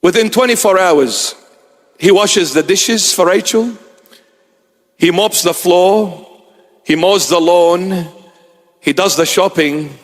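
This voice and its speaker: A man's voice: sits high, slow, long pauses. A man preaching as a bishop, telling stories and acting out the people in them. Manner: storytelling, acts out quoted voices. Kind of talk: sermon. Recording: long hall reverb.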